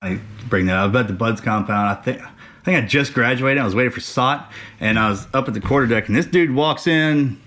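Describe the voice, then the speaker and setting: A man's voice: medium pitch, brisk, fairly bright tone. A man, a former Navy SEAL, telling service stories in casual conversation and laughing through his punchlines.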